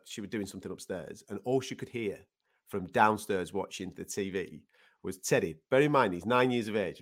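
A man co-hosting a sports podcast in casual chat. He is animated and swears casually. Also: lowish voice, fairly quick. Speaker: podcast co-host.

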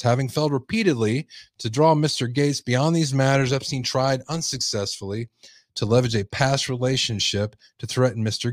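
A man's voice: medium pitch, dry recording, studio quality. A male podcast host who reads news articles aloud and breaks in with sarcastic asides. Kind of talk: reading news aloud with commentary.

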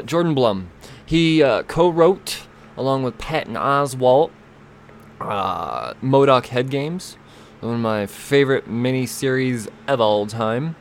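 A man's voice: medium pitch, slight background noise. Rambling, jokey podcast host man. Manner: rambling, self-interrupting, jokey. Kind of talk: casual podcast reads and intro.

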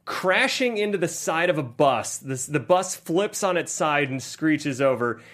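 Male film podcast host, lively pitch, a bit high, jokey. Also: measured pace. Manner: animated, jokey, acts out scenes. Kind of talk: casual film discussion.

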